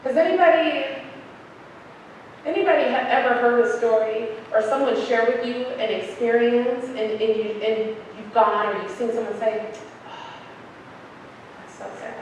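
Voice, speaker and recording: At a moderate pace and a fairly high pitch, a young adult woman tells her audience a personal story, lively in manner and imitating the voices of those involved. The sound is that of an echoey hall recorded from a distant mic, with a trace of noise.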